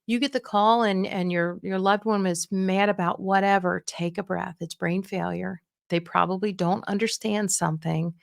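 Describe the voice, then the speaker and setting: A woman's voice: mid-range voice, steady tone, normal speed, gravelly, hardly any pauses, no room sound, clean studio sound. A middle-aged woman hosting a talk on dementia care, giving frank, encouraging advice and acting out what people say. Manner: frank, encouraging, acts out quoted voices. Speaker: dementia care podcast host.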